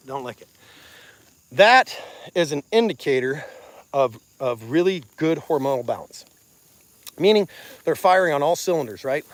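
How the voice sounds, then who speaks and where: A plainspoken Missouri rancher with a fairly high voice chats with his viewers on a livestream. He talks in a folksy, easygoing way from out in his pasture. The sound is dry and close, caught on a phone on a selfie stick. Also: no room sound. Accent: Missouri Ozarks. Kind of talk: casual outdoor livestream talk. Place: outdoors on a pasture.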